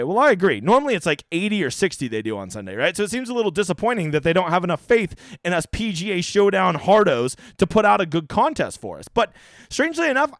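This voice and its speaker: A man talks through fantasy golf picks and contest choices in a loose, profane, casual way, full of quick asides. His voice sits a little high and he talks very fast. The sound is dry and close, with no room around it. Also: no echo. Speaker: fantasy golf strategy host. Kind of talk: casual screen-share breakdown.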